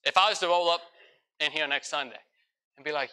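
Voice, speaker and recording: Animated preacher man with a bright voice. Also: fairly high pitch, smooth. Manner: animated, acts out conversations in quick voices. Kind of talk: sermon. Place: church, in front of a congregation.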